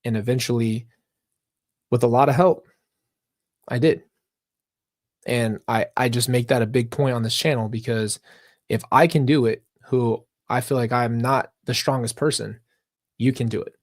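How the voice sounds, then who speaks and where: An earnest man talks straight to his viewers during a live reaction stream, drifting into long reflective tangents. His voice sits at an ordinary male pitch and is recorded dry and close, with no room echo. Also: fairly even intonation, normal speed, pauses often. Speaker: reaction channel host.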